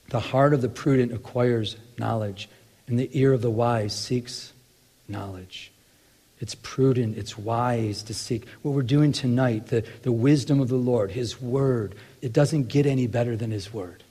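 A man's voice: medium pitch, fairly even intonation, measured pace, warm tone, in a large hall. A man teaching from the Bible in a conversational sermon, often restarting and acting out little asides. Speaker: preacher.

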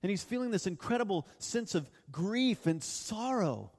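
A man with a high voice preaches an earnest sermon, leaning hard on key words and stretching them out. His voice rings through a church hall with a long, lingering reverb. He speaks as the pastor addressing his congregation. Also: sing-song, a little mellow. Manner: earnest, emphatic preaching with slow drawn-out stresses.

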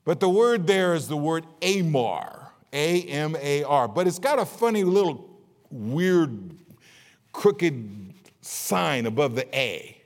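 Folksy Baptist pastor preaching in a hall. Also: male voice. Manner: folksy, jokey preaching with swings in pitch and volume. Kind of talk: sermon. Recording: long reverb of a large hall.

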